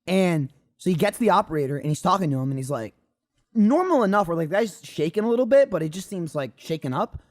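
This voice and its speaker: A young man casually telling a story on a podcast, acting out quotes, swearing freely. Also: sits high. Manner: fast, animated storytelling with lots of swearing and acted-out quotes.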